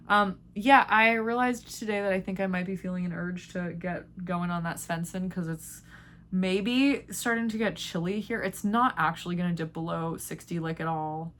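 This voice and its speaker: A woman's voice: lowish voice, a bit bright, slight background noise. A woman hosting a knitting vlog, chatting casually and rambling with lots of filler words. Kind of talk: casual chat.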